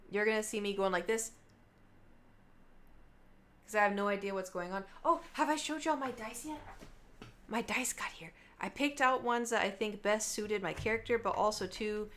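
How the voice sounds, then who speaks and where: Young woman, streamer, casual rambling chat, chatty, middle pitch. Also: a bit bright, a little hiss or hum. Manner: rambling, chatty, jumps between topics. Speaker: livestreamer.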